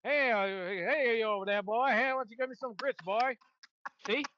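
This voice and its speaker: A man's voice: very high voice, normal speed, pushed and bright, highs cut off, a little hiss or hum, voice pushed up. A man voicing a bossy Southern man calling for grits, in a put-on Southern accent with a raised voice. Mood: mock-bossy. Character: gruff Southern man barking orders.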